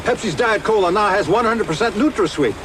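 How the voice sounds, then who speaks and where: A man acting as an eager man sharing news in a TV ad, excited and pushy. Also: high voice, a little fast, close to an everyday voice. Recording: hissy old broadcast tape.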